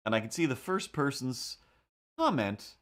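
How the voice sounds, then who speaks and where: A man's voice: mid-range voice, very animated, normal speed, fairly bright tone. A man talking in a casual, rambling monologue, often restarting his sentences and acting out what other people said. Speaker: comic artist and vlogger.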